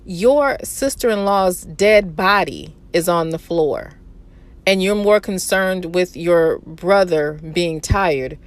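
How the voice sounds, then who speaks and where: A woman's voice: fairly low pitch, slow. A woman giving sarcastic, incredulous reaction commentary on an interview clip, swearing freely.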